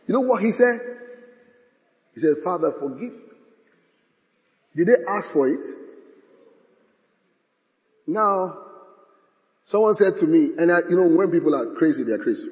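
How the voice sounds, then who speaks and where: Male preacher, high voice, lively delivery, dramatic, hall reverb. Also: a little slow, pauses often. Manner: dramatic, swings from shouting to hushed, acts out quotes. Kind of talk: sermon.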